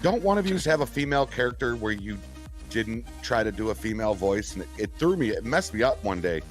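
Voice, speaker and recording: Male host, lively swooping voice, chatty, laughs a lot, clear music underneath. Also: fairly low pitch, fairly quick. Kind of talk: casual live-stream interview.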